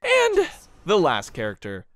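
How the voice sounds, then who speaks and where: A man's voice: on the high side, huge pitch swings, measured pace, noisy background. Man narrating with dry, joking asides. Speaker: video essay narrator. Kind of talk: scripted narration.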